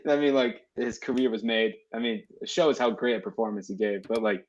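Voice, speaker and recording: A relaxed man with a low voice, chatting as a podcast guest. He laughs easily, and his audio sounds dull and muffled, as if from a lower-quality mic. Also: a little fast. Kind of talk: casual movie chat.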